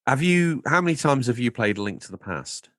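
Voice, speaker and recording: A man's voice: mid-range voice, very animated, fairly quick, a bit bright, dry recording, studio quality. A man co-hosting a podcast in casual chat, playful and rambling, drifting into absurd jokes. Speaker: podcast co-host.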